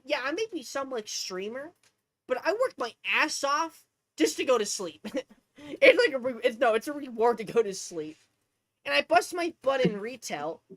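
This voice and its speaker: Streamer lady ranting away, cussing a lot, bright voice that bounces all over. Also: fairly high pitch, dry recording. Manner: profane, rambling, animated storytelling. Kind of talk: casual ranting chat.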